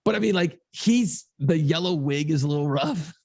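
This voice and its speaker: A man's voice: a little high, lively intonation, moderate pace, creaky, a little mellow, slightly rough, dry recording, clean studio sound. A man co-hosting a podcast, chatting casually about movies in a rambling, easygoing way with casual swearing. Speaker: podcast co-host.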